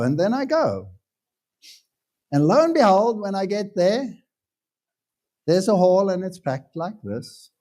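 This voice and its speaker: A pastor giving a sermon in a casual, conversational way, telling stories with self-deprecating humor. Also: male voice, high voice, sing-song, measured pace, pauses often, darkish tone. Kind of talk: anecdotal sermon talk.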